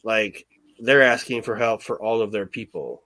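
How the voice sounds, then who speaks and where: A man's voice: lowish voice, normal speed, dry recording. A man hosting a podcast, casually recapping an old wrestling show in a rambling, profane way and acting out what people said. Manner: rambling, profane, animated retelling with quoted voices. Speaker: podcast host.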